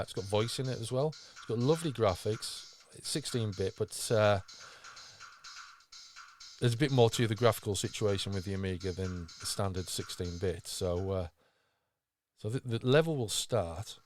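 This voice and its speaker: A man's voice: on the low side, normal speed, faint music behind. A man hosting a podcast, talking with enthusiasm and rambling through fillers and restarts. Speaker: podcast host. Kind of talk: casual podcast chat.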